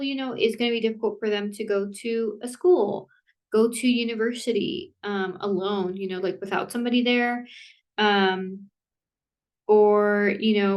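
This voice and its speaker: A woman talking casually to camera in a rambling, self-interrupting way, filling her speech with "like" and quick apologies, with laughs between thoughts. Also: medium pitch. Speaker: vlogger. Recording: voice somewhat distant from the mic.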